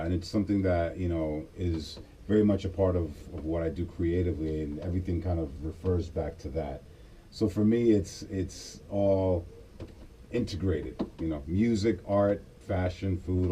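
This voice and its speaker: Deep-voiced relaxed American DJ. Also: male voice, slight background noise. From United States. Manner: relaxed, reflective, quick to laugh. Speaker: guest DJ. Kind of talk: casual radio interview. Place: radio studio.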